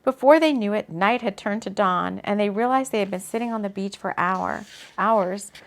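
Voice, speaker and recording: A woman, an author, reading her own book aloud in a relaxed way, breaking off for casual asides. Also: medium pitch, normal speed, a little hiss or hum. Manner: chatty, laughs at her own slips and comments mid-reading.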